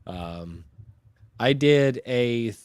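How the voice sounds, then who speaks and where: Male podcast host, excitable storyteller with salty language, tired, dry close recording. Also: mid-range voice, drawn-out words, clean tone, dry recording. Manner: excitable storyteller, heavy swearing. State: tired from a long sleepless day. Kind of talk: casual chat.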